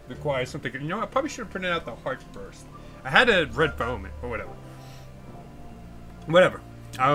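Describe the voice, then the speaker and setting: A man's voice: fairly high pitch, sharp tone. A young man from the United States who hosts a casual livestream, rambling and ranting with frequent swearing. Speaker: livestream host.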